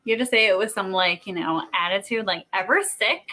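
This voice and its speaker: A young woman from North Dakota talks to her camera in a relaxed explainer vlog, full of sass and quick giggles. Her voice is bright and a little sharp, sitting in an ordinary middle register. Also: mid-range voice. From North Dakota, USA. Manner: playful, sassy, giggles often. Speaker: YouTuber explaining slang.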